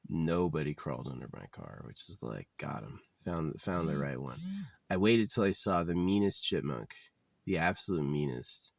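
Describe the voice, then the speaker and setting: A man's voice: extremely low pitch, animated, moderate pace, vocal fry, no echo. A man talking in a casual, rambling monologue, blunt and profane with a wry edge. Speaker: vlogger. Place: living out of his car.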